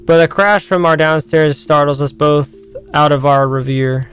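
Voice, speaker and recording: Male streamer, slightly high voice; reads game narration and chats with viewers over faint music. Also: steady tone, normal speed, fairly bright tone. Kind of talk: game playthrough, reading story aloud and chatting.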